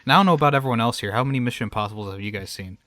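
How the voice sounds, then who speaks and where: A man hosts a casual movie podcast in an easygoing, rambling way. His voice sits at a middle pitch and sounds close and dry, with no room around it. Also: racing, pushed and bright, no echo. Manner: chatty, loose, self-correcting. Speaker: podcast host.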